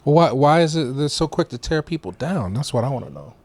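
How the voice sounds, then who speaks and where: A man's voice: mid-range voice, fairly quick, dry recording. A man interviewing a guest in a casual chat, murmuring assent and asking brief questions. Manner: steady back-channel murmurs, brief questions. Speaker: interviewer, channel founder.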